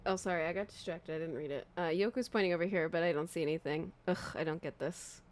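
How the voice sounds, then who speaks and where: A woman's voice: fairly low pitch, quick pace, a little hiss or hum. A young woman streaming a horror game, chatting casually, easily startled and laughing. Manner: chatty, jumpy, laughs and shrieks at scares. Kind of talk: casual let's-play commentary.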